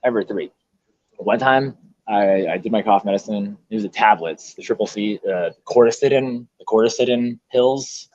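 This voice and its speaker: A man's voice: fairly low pitch, moderate pace, darkish tone, no echo. A young man in casual chat, telling a rambling story with hesitations and restarts. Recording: dull lo-fi recording.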